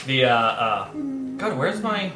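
A low-voiced woman narrates a tabletop game as game master in a chatty, self-mocking way. Her voice swings widely in pitch and echoes in the room over faint music. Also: very animated, slow pace.

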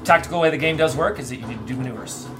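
A man's voice: medium pitch, very fast, a bit bright, soft background music. Man running a tabletop game. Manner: explains rules patiently, many fillers. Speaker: game master.

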